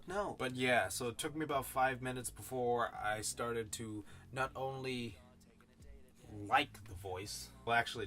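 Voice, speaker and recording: Forceful profane young-sounding man reviewing. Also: mid-range voice. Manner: profane, slangy, rambling tangents. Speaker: audiobook reviewer. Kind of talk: casual spoken book review.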